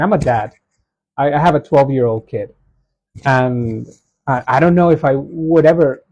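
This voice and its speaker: A man's voice: fairly high pitch, dark tone, husky. A man in his thirties reading submitted stories aloud and reacting with laughing asides. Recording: dull lo-fi sound.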